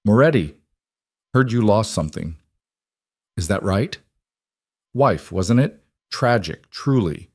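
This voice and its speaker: A man's voice: fairly low pitch, animated, slow pace, long pauses, darkish tone, slightly rough, dry recording, studio quality, exaggerated voice. A man voicing a smug, mocking older mob boss. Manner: sly, taunting.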